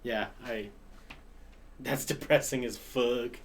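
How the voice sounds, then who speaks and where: A man's voice: medium pitch, steady tone, takes it slowly, a little hiss or hum. A man hosting a casual podcast chat, telling stories and puns with frequent laughter. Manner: tells stories and puns, laughs through them.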